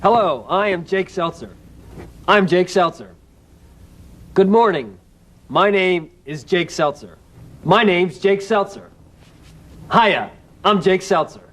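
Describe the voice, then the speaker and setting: A man's voice: sits high, expressive, unhurried, a bit bright. A man presenting himself over and over with varied greetings, in a scripted, repetitive way. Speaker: presenter practicing introductions. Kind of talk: scripted repeated self-introductions.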